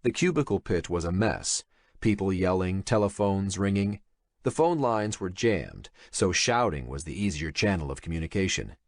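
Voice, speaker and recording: A male narrator reads a thriller audiobook with a dramatic, expressive delivery. His voice sits fairly low, but his intonation swings widely from phrase to phrase, and the recording is close and completely dry. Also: moderate pace, no echo. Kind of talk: scripted narration.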